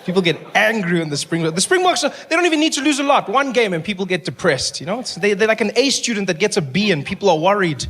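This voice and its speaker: A South African man performing stand-up, with a high, lively voice that keeps jumping into little characters. There is a clear hiss of noise under the live stage recording. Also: fast, few pauses. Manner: animated, jumps into voices, laughing asides. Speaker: stand-up comedian. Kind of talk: stand-up comedy. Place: comedy stage before a live audience.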